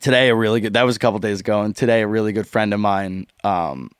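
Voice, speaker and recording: A young man hosting a casual podcast chat, telling a story in an animated way, laughing often and swearing freely. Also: fairly low pitch, fast, clean tone, dry recording, clean studio sound. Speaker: podcast host.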